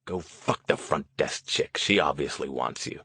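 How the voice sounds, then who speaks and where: A crude, hot-tempered middle-aged producer voiced by a man talks low, gruff and brash. The audiobook is recorded close and dry. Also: very animated, moderate pace, fairly bright tone, no echo, exaggerated voice.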